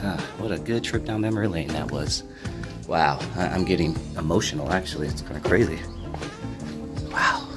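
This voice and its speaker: A man with a very low voice talks casually into a handheld camera as he walks around filming, reminiscing as he goes and sometimes dropping to a hush. Music plays clearly underneath his voice. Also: normal speed, pauses often. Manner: reminiscing, hushed at times. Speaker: vlogger. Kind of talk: casual walking vlog.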